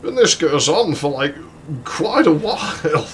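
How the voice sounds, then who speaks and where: A man's voice: on the high side, big pitch swings, unhurried, a bit bright, a little hiss or hum. A man casually telling a long rambling story while playing a game, swearing freely and chuckling between lines. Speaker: let's play host.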